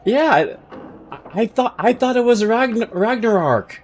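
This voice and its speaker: A young man streaming a game, chatting with viewers in a self-mocking, animated way that jumps into high exclamations. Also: a little slow, slight background noise. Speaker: streamer and voice actor. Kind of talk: casual live-stream chat while playing.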